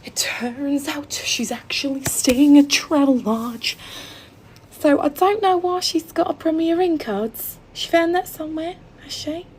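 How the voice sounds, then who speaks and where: A woman's voice: sits high, steady tone, measured pace, darkish tone, slight background noise. A woman, a hotel receptionist, telling a casual storytime rant in a chatty, blunt, exasperated way and swearing freely.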